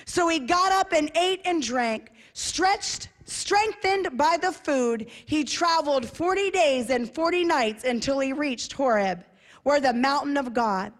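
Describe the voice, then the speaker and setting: Female preacher, high bright voice, emphatic delivery with repeated phrases and hushed drops. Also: unhurried. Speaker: preacher and TV host. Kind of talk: sermon.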